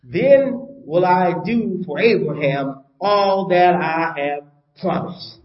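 A man's voice: high voice, animated, slow, reverberant, muffled recording. An older man preaching a sermon as pastor, emphatic, repeating his points and asking the congregation rhetorical questions.

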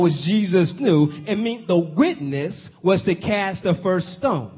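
A man's voice: high voice, expressive, measured pace, hardly any pauses, husky, faint music behind. A man preaching a sermon, telling the story and stretching out key phrases, often asking the congregation questions. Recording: dull lo-fi audio.

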